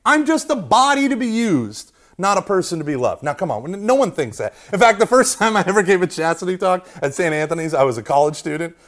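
Animated man preaching with constant "right?". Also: a little high, quick pace, hardly any pauses. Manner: conversational, keeps asking "right?", self-mocking humor, acts out quotes. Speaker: speaker at a Catholic youth talk. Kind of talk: animated preaching talk to an audience.

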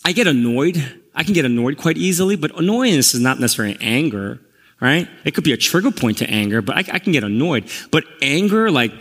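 Animated preacher, slightly high voice. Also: male voice, fairly quick. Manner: candid, animated, self-deprecating storyteller. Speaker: pastor. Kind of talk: sermon storytelling. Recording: long reverb of a large hall.

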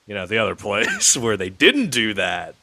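A man's voice: fairly low pitch, very animated, moderate pace, pushed and bright, no room sound. A man co-hosting a podcast, telling a rambling story in casual chat, full of fillers and restarts, swearing freely. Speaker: podcast co-host.

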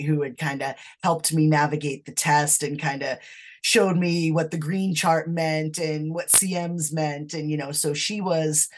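A woman guest in an interview, telling a personal story in a conversational, animated way. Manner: animated, acts out quoted talk with sudden high pitch and laughs. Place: lived in Massachusetts.

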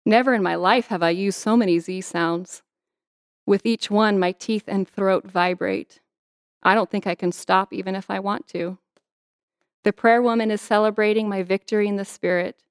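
A woman's voice: mid-range voice, steady tone, moderate pace, clean tone, dry recording, studio quality. A young adult woman, an author, reading her memoir in an earnest, intimate way and answering interview questions.

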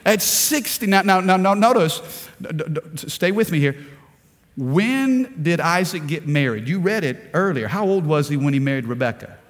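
A man's voice: on the high side, expressive, moderate pace, in a large hall. A man preaching a fervent sermon, repeating words and asking the congregation rhetorical questions. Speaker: pastor. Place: large church hall.

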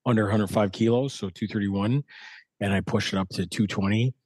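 A low-voiced man with a Canadian East Coast accent, chatting casually as a podcast guest. He rambles in a folksy way through his stories. The sound is dry and close, with no room echo. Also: fairly even intonation, fairly quick, darkish tone. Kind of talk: casual chat.

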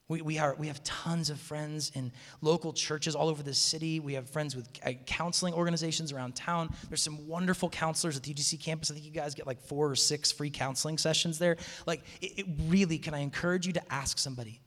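Casting note: man, high voice, animated storyteller giving a casual sermon to a live audience, long hall reverb. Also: fast talker, few pauses. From Seattle area, USA. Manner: animated storytelling, frequent restarts. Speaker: campus minister speaking to students. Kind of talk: conversational sermon talk.

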